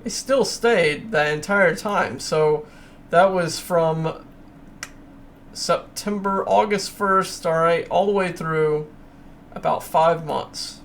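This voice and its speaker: On his own crypto channel, a man talks casually but emphatically through price charts in a screen-share walkthrough, with occasional rants. He sounds on the high side and fairly bright, takes things slowly, and a little hiss or hum sits under the recording.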